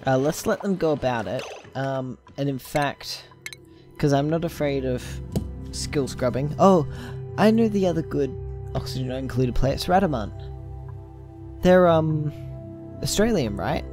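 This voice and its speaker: This gameplay video host has a fairly high, expressive, darkish voice and takes his time, pausing often, with soft music in the background. His commentary is casual and rambling, full of ums and tangents as he thinks aloud.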